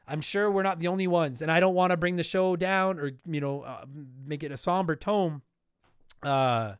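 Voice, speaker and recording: Brief: male podcast host at home, high voice with a dry close sound, blunt and profane. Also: a bit bright, clear, resonant tone, no echo. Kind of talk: casual podcast talk reading listener mail. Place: home room with game shelf.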